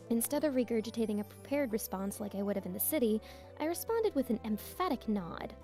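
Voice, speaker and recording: A woman's voice: on the high side, lively intonation, a little fast. Giggly woman streamer reading a game. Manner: chatty, giggly, reads narration in a soft voice. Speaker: streamer playing a visual novel. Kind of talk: reading a game aloud with casual commentary. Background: game music.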